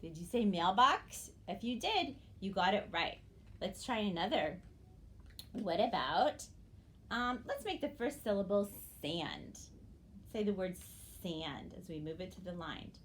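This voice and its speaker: A woman teaching young children a phonics game, slowly and clearly, encouraging them to repeat words after her. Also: mid-range voice, lively intonation, a little hiss or hum. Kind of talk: early-grade phonics lesson.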